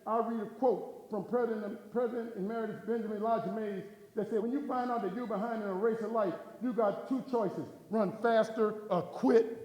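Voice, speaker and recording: A man's voice: sits high, fairly even intonation, brisk, a little mellow. A middle-aged man giving an inspirational keynote speech, telling a story and acting out the dialogue with a preaching cadence. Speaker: motivational speaker. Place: large hall before a live audience. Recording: echoey hall from far off.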